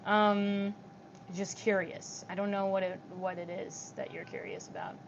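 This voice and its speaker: A young woman with vocal fry chatting on a livestream, reading comments out loud and answering them in a giggly, casual way. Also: medium pitch, flat delivery, unhurried, lo-fi sound, background noise.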